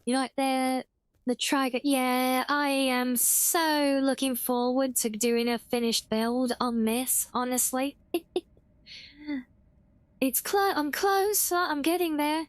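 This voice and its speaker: High, slow-talking British woman streamer. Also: steady tone, no echo. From Britain (half English, half Welsh). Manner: chatty, self-correcting, reads out and answers chat. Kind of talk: casual live-stream chat while gaming.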